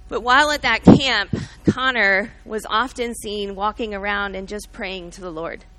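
A woman's voice: mid-range voice, steady tone, normal speed, noisy background. A middle-aged woman giving an earnest, emotional sermon-style talk, telling a story and teaching from the Bible, calling out to listeners by name. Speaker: speaker at a church gathering.

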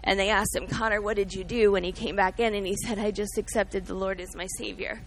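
A woman's voice: medium pitch, steady tone, a little fast, a little hiss or hum, low-quality recording. A middle-aged woman giving an earnest, emotional sermon-style talk, telling a story and teaching from the Bible, calling out to listeners by name. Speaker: speaker at a church gathering.

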